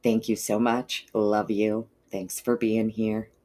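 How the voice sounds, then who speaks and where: A woman hosts a casual livestream and works through her chat, greeting viewers by name and calling them honey and darling. She sounds low on energy and clears her throat often. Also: little pitch movement, slow, dark tone. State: low energy, not feeling peppy. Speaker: livestream host.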